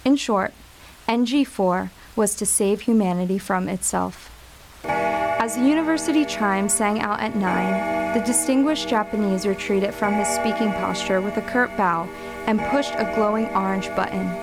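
A woman reading a scripted story in a measured, wry storytelling voice. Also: mid-range voice, gravelly, loud music behind the voice. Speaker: narrator.

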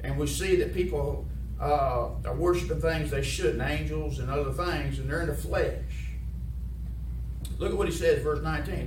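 In an echoey room, recorded noisily from a distant mic, a man preaches a folksy sermon in a voice on the high side at a moderate pace. He often puts questions to his congregation in call-and-response style.

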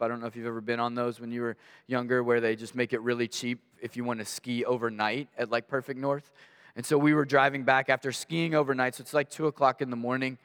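Male guest preacher, mid-pitched, lively storyteller, big hall reverb. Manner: animated storyteller, acts out voices in anecdotes. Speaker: guest pastor. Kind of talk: storytelling sermon. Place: church sanctuary. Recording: long reverb of a large hall.

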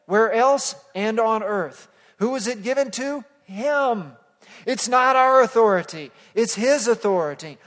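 A man preaching an expository sermon as pastor, moving from hushed passages to loud emphatic calls that the congregation repeats. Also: high voice. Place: church sanctuary. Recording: long hall reverb.

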